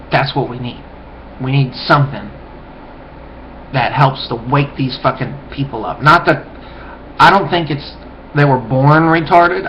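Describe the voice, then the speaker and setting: A man's voice: mid-range voice, a bit bright. A man rambling through a loose, profane webcam monologue, often trailing off and mumbling. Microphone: webcam mic. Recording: dull lo-fi webcam audio, faint hiss.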